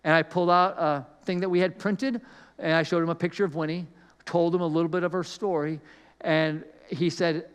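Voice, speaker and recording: A pastor delivers a storytelling sermon built around a personal story, his high voice smooth and resonant. He speaks conversationally and pokes fun at himself, slipping into the voices of the people in his tale, at a fairly quick pace with fairly even intonation. A large hall's long reverb hangs on every word.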